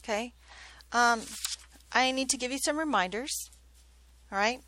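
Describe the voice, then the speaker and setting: A woman's voice: a little high, a little slow, bright, forceful tone. A woman math teacher giving a classroom lesson, chatty and joking, often checking in with questions.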